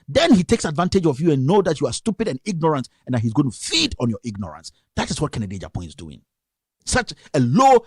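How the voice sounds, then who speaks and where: A man's voice: on the high side, slightly rough, no echo, studio quality. A young Ghanaian man with a Ghanaian accent, delivering an impassioned political rant on a live stream and firing off scolding rhetorical questions. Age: young adult. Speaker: radio commentator.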